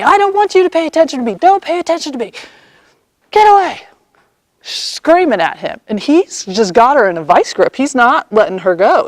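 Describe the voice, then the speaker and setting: A woman vlogger telling a personal story in a lively way, acting out the quoted lines and laughing often. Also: medium pitch, no echo.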